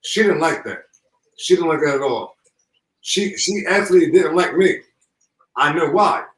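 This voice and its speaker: A man's voice: on the high side, lively intonation. Grieving man on an echoey far-off line. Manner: halting, repeats himself, impassioned. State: holding back tears. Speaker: grieving father, guest. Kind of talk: emotional live call-in.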